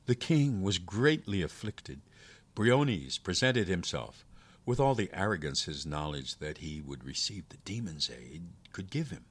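A man with a deep, low voice reads an old folk tale aloud. His delivery is measured and steady, in a classic storytelling manner. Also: breathy edge. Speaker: narrator. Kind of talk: storybook reading.

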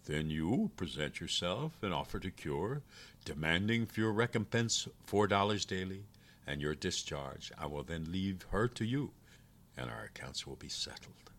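A sly, scheming demon, grudging and wheedling, with a deep voice, which a man puts on while reading a folk tale. He mutters his asides as if plotting, low and resentful. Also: animated, normal speed, a bit bright, heavily acted.

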